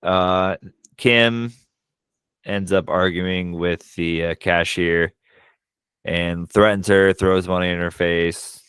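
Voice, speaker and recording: A low-voiced man retelling a movie plot in a casual podcast chat. His voice is smooth and resonant, and the sound is dry and close. He talks in quick animated bursts and swears often. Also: no room sound. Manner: frequent profanity. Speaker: podcast co-host.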